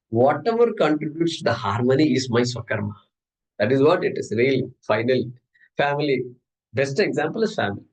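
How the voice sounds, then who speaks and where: A man's voice: mid-range voice, poor audio. A man teaching an informal scripture class, humorous and conversational, often asking and answering his own questions. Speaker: Gita teacher.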